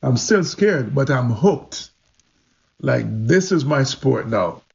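A man, a guest in an interview, telling his story in an animated, vivid way. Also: mid-range voice, takes it slowly, gravelly, lo-fi sound. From Jamaica.

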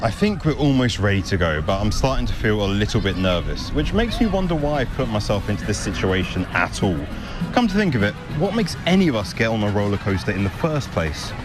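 A male presenter reporting on location at an outdoor amusement park, excited and whooping on a roller coaster. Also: on the low side, brisk. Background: loud music and ride noise.

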